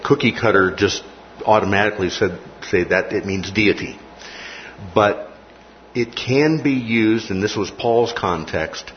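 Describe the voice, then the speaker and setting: Low-voiced male lecturer in a classroom, deliberate, checks in often; dull, slightly noisy recording. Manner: repeats key phrases, checks in with "okay?". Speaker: Bible teacher. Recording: muffled recording with faint noise.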